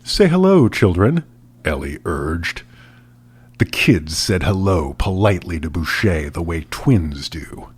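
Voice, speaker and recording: A man's voice: low-pitched, slow pace, breathy edge. A man co-hosting a comedy podcast, reading a book aloud and chatting wryly. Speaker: podcast co-host. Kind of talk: casual chat and dramatic reading.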